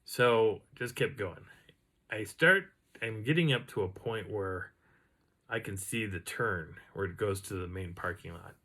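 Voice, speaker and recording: A man casually recounting an outdoor encounter in a rambling, animated way, now and then imitating the sounds he heard. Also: fairly low pitch, unhurried. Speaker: outdoor storyteller. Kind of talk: casual first-person storytelling.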